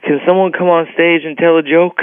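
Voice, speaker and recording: A man voicing a laid-back, deadpan adult male comedian in an offhand way, heard over a phone-like line. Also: a little high, fairly quick, clear, resonant tone, no room sound, pitched above the performer's own voice, close to an everyday voice.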